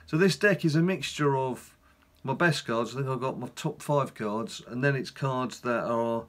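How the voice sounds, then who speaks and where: A middle-aged man talks through his own gameplay at an average pitch. He rambles in a relaxed, chatty way and drops in wry, self-deprecating asides as he goes. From England. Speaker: gaming channel host. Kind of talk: casual gameplay commentary.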